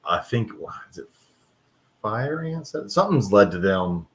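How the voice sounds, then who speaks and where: A fairly low-voiced man chatting casually on a podcast. He is blunt, jokes around and swears freely. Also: big pitch swings, measured pace. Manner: blunt, swears often, joking. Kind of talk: casual chat.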